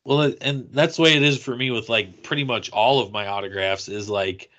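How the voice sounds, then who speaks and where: Man, podcast co-host, bright voice, animated storytelling, acts out quotes. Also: medium pitch, a little fast, lo-fi sound. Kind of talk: casual storytelling.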